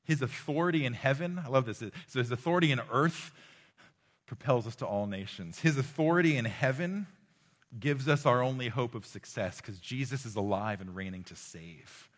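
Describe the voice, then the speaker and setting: A man preaching a sermon to young people in a room, impassioned, swinging from loud exhortation to hushed tones, often repeating words as he goes. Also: medium pitch, expressive, moderate pace. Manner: repeats words and restarts as he speaks. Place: room with a live audience.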